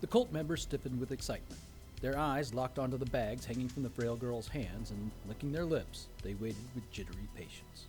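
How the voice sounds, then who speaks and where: A man's voice: mid-range voice, brisk, darkish tone, soft background music. A man narrating a horror story in a wry, dry storytelling manner.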